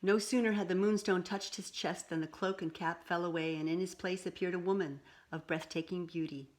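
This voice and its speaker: A woman reads a picture book aloud with a slightly low voice. She stops now and then to point out the pictures to a listener. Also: steady tone. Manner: pauses to show pictures to a listener. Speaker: storyteller.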